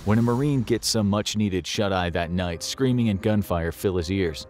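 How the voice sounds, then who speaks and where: A man's voice: on the low side, moderate pace, darkish tone, soft background music. A man narrating a scripted documentary in a grave, dramatic storytelling manner.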